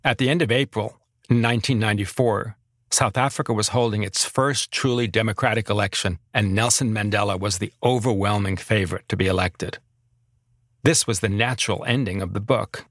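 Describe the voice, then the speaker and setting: A man narrating his own memoir as a podcast host, reflective and measured. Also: lowish voice, fairly even intonation, a bit bright, no room sound, clean studio sound.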